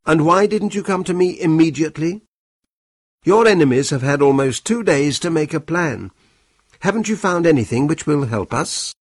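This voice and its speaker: A man voicing a sharp male detective who speaks in a brisk, commanding way, raised above his reading voice. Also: on the high side, lively intonation, no room sound, studio quality, voice pushed up. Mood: urgent.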